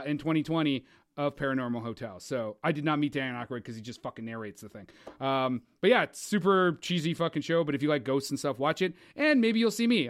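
A man co-hosting a casual movie podcast, rambling and cursing, often restarting his sentences. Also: fairly high pitch. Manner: rambling, swears a lot, stumbles and restarts. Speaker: podcast co-host.

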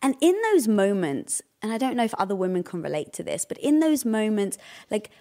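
A woman's voice: medium pitch, sing-song, a little fast, warm tone. Chatty woman talking casually with her partner. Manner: chatty, many fillers. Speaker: co-host in couple's chat. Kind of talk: casual chat.

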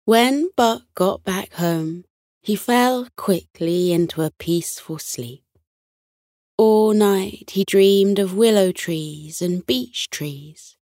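Slow, soothing female storyteller. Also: medium pitch, dry recording, clean studio sound. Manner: soothing, unhurried and expressive. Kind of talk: scripted bedtime story narration.

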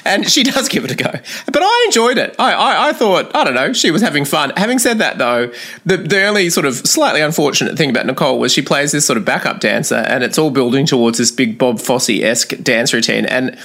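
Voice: mid-range voice, fairly quick. A podcast co-host reviewing a film in casual chat, with wry asides. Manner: animated, wry, chuckling asides.

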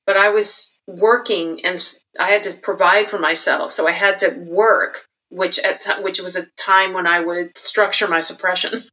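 A middle-aged woman recounts her past in a candid, reflective manner. Her voice sits a little low in pitch but rings bright and forceful, and she livens up whenever she quotes someone. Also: normal speed, few pauses, low-quality recording. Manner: candid and reflective, animated when quoting others. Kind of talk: personal storytelling interview.

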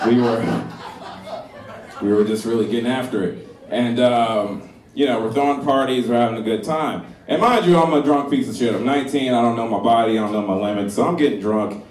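A man's voice: medium pitch, a little mellow, a little hiss or hum. Profane man in his thirties telling stories. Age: 30s. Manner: loose, profane, laughing storyteller. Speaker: storyteller. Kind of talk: comic story at live storytelling show. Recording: roomy live room, voice from a distance.

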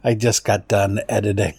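A man's voice: lowish voice, a little mellow, husky, no room sound, clean studio sound. A middle-aged man co-hosting a podcast in casual chat, easygoing and self-deprecating. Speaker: podcast co-host.

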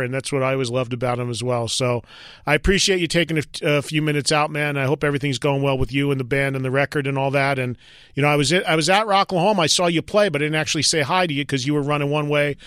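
Smooth-voiced male radio host. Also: medium pitch, steady tone, quick pace, fairly bright tone, dry recording, clean studio sound. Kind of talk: interview radio talk.

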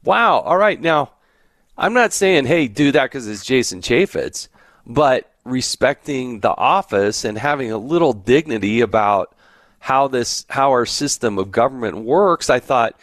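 A man hosting a podcast, telling stories in a casual, chatty way and teasing his guest with quick questions. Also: mid-range voice, expressive, dry recording, studio quality. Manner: chatty, teasing, with frequent restarts. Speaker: podcast host. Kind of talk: casual conversational storytelling.

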